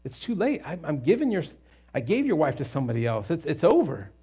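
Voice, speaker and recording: A man voicing an exasperated older father-in-law in a retold Bible story, raising his voice high and stammering in a flustered way. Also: huge pitch swings, fast talker, mellow, husky, exaggerated voice.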